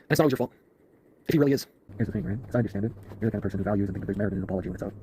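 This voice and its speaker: A man ranting fast to camera in an intense, swearing, preachy way. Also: lowish voice, warm tone, a little hiss or hum. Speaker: online video creator.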